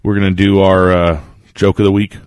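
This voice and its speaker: A man co-hosting a podcast, talking in a relaxed, rambling way. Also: deep voice, moderate pace, clear, resonant tone, no room sound. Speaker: podcast co-host. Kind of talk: casual chat.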